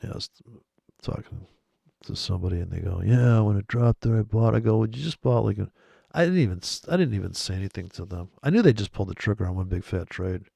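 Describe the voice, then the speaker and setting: A man's voice: on the low side, expressive, quick pace, vocal fry, mellow, breathy edge, dry recording. A man rambling sarcastically and profanely in casual chat about trading over charts. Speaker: trading commentator.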